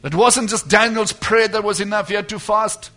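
A man preaching a sermon to a congregation, emphatic, swinging between loud declarations and quiet asides. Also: sits high, normal speed.

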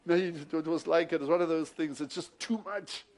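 A male preacher, moving between hushed retelling of a story and loud, emphatic preaching. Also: a little high, normal speed. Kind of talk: sermon with storytelling.

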